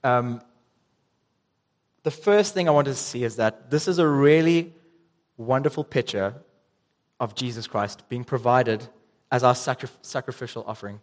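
A man's voice: medium pitch, moderate pace, long pauses. A young man preaching a sermon, reading scripture and telling a casual story with ums and restarts. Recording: long reverb in a hall.

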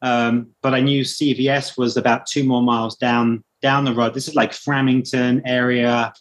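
A man's voice: medium pitch, moderate pace. A man with a British accent, casually telling a long story as a guest and acting out the voices of people he met. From Britain. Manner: animated anecdote telling, acting out quoted voices. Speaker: guest runner.

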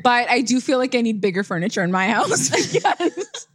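A woman's voice: fairly high pitch, big pitch swings, normal speed, dry recording. A young woman co-hosting a casual podcast chat, telling rambling stories and laughing often. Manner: giggly, rambling storyteller. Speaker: podcast co-host.

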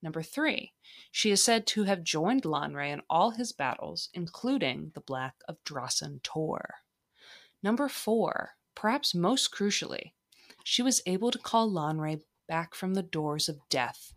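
A woman's voice: fairly low pitch, expressive, a little slow. Chatty woman hosting a solo podcast. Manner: chatty, self-deprecating, leaves in her slips. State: slightly tipsy. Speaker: podcast host. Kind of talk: casual solo podcast monologue.

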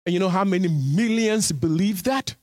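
A man preaching a sermon as pastor, repeating phrases and firing questions at his listeners, dropping low and steady, then rising to shouts. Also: moderate pace, no echo. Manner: repeats words for emphasis and asks the congregation questions.

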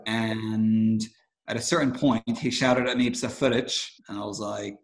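A man's voice: on the low side, steady tone, unhurried, low-quality recording. A man chatting casually, rambling with lots of fillers and restarts, telling stories of growing up in the Gulf. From grew up in the Gulf states. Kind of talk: casual chat.

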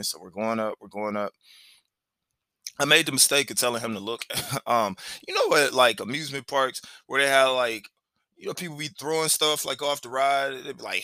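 A man's voice: medium pitch, pushed and bright, no room sound. A man hosting a podcast, telling a personal story in a loose, conversational way, filled with "like" and "you know.". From Cleveland, Ohio, USA. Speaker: podcast host.

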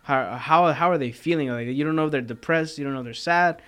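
A man in a casual faith chat, talking haltingly with many restarts. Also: a little high, fairly bright tone. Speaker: co-host of a faith talk.

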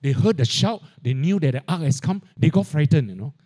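A man preaching a sermon, peppering his lines with "you know, right?" and dropping quiet on the tag-ons. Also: a little high, expressive, a little fast, slightly rough. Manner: drops to a quiet aside on filler tags. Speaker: pastor.

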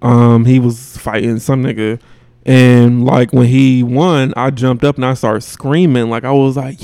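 Dry-sounding man telling animated stories. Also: measured pace, creaky, clear, resonant tone, dry recording. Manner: animated storytelling, acting out quotes with big pitch jumps. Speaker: podcast co-host. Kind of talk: casual chat.

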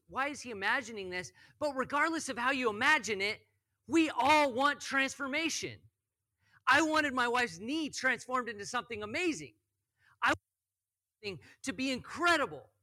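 Young guy pastor, high-ish voice, super bright, casual joking sermon w lots of "like". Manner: chatty, joking, peppered with "like".

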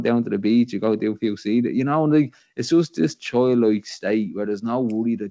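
A man with a Dublin accent talks through his thoughts in a very deep, gravelly voice, circling back with "you know what I mean." The recording is dry and a bit dull, with a lo-fi podcast feel. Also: a little fast, few pauses, dark tone, no room sound. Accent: Irish, Dublin. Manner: reflective, rambling, says "you know what I mean" often. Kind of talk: casual podcast conversation.

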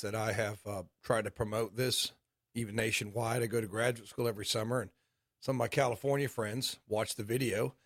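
A man's voice: medium pitch, a bit bright, no echo, studio quality. A man with a Southern US accent, hosting a radio show and joking around in casual banter. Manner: joking, rambling, playful.

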